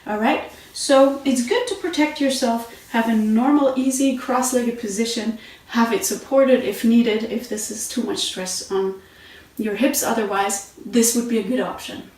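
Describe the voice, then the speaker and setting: A woman teaching meditation and yoga sitting positions in a relaxed, conversational way, with fillers and restarts, recorded on a mat at home. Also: a little high, unhurried. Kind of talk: instructional talk. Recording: very echoey room, mic at a distance.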